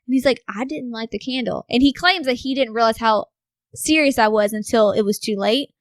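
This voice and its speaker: A woman in her thirties tells stories on a podcast with a fairly high, lively voice, swearing freely and acting out what people said. The recording is close and dry, with no room sound. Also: a little fast, dry recording. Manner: animated storyteller, swears freely, acts out quotes. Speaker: podcast guest. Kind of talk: casual chat.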